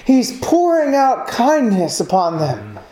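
Man preacher, sermon, earnest repetition, mellow voice, roomy echo. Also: extremely high pitch, huge pitch swings, slow pace. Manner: earnest, building emphasis with repetition. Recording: echoey room, faint background noise.

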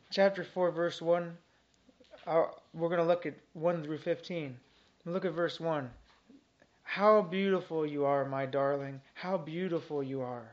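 A man preaching an expository sermon, reading scripture aloud and stressing key phrases earnestly with repetition. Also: sits high. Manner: reads scripture aloud between comments. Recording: dull lo-fi sermon recording.

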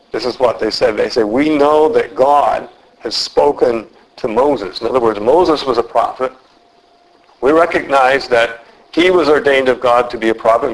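A man preaching an expository sermon, speaking in a measured, deliberate way and slowing down for emphasis. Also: medium pitch, rough recording.

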